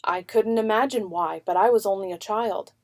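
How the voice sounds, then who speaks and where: A woman voicing a gentle old grandfather who recalls his childhood in a soft, rueful way. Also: mid-range voice, normal speed, natural voice. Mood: reminiscing.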